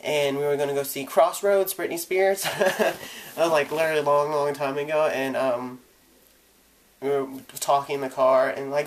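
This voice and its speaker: A young man telling his own coming-out story in a vlog, candid and casual, acting out the people he quotes with sudden jumps in pitch and volume. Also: fairly even intonation, moderate pace. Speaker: vlogger.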